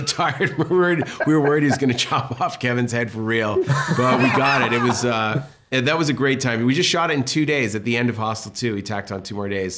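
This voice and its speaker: A man, a film director being interviewed, telling stories in an animated, enthusiastic way. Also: mid-range voice, a little hiss or hum. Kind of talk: casual interview talk.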